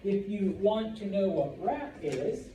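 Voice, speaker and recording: A man's voice: high voice, expressive, slow, mellow, slight background noise. A man teaching a Spanish class to students, talking casually and checking in with "okay?" after each point.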